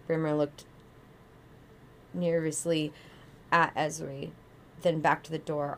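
Low voiced woman reading a book out loud on stream, trips over words and fixes them. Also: level tone, slow, long pauses. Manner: stumbles and corrects herself. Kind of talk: reading a novel aloud.

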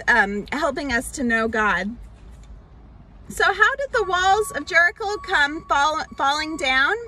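A woman pastor tells a Bible story during a children's sermon, explaining slowly with lots of fillers and restarts. Her voice sits high, bright and forceful, and the poor-quality audio carries a little hiss or hum.

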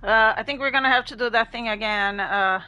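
A woman's voice: fairly high pitch, brisk, sharp tone, clean tone, no echo. A woman streaming a game, chatting casually with her chat and laughing often.

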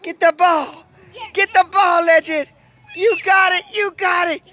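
Older woman, grandma, very high voice, slow unhurried delivery, playful coaching. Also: fairly even intonation, pushed and bright. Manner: playful cheering and coaching, teasing scolds. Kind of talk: casual family play.

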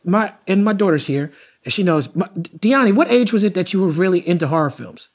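Husky middle-aged man telling stories. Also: high voice, animated, brisk. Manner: laughing, profane storyteller. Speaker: podcast host. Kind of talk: casual chat.

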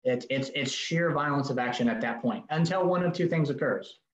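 A man's voice: medium pitch, brisk. A man teaching a safety seminar in a direct, emphatic way, acting out short exchanges. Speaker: safety instructor. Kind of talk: recorded training seminar. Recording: dull roomy recording.

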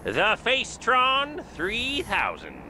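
A man's voice: very high voice, wildly swooping pitch, slow, bright, forceful tone, slight background noise, full character voice. A man voicing a giggly, eager small-town coroner in a video game, tacking a silly sound onto his words. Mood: giddy. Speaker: game character.

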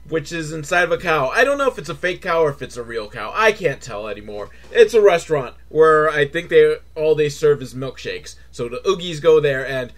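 A man recapping a movie as comedy, sarcastic and swearing, switching from flat muttering to shrill mock excitement. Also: a little fast, hardly any pauses. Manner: sarcastic, swears, mocking kid-show cheer. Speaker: movie reviewer.

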